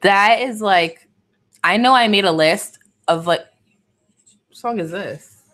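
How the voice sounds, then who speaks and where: A woman's voice: medium pitch, slow pace, fairly bright tone. A woman in her twenties from the Bronx with a light New York accent, chatting casually and laughing a lot on a live stream. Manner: chatty, laughs often, reads viewer comments. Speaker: livestream host.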